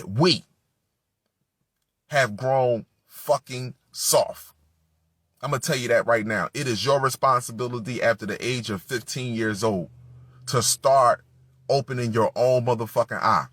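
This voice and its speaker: Husky man preaching with fierce intensity. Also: medium pitch, dry recording, clean studio sound. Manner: emphatic, profane, builds to shouting. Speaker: spiritual speaker. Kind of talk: impassioned preaching monologue.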